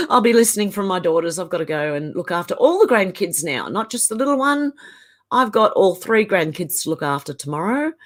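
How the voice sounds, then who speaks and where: A woman's voice: on the low side, animated, moderate pace. An Australian woman in her fifties, hosting a casual live stream and chatting as she reads viewer comments aloud.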